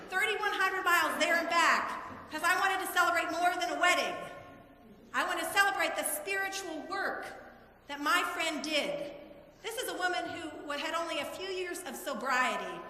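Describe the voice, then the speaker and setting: A woman's voice: very high voice, sharp tone, a little hiss or hum. A woman in her forties preaching a heartfelt sermon to her congregation, telling personal stories. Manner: emotional, heartfelt storytelling to a congregation. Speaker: pastor. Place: church sanctuary. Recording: echoey church hall.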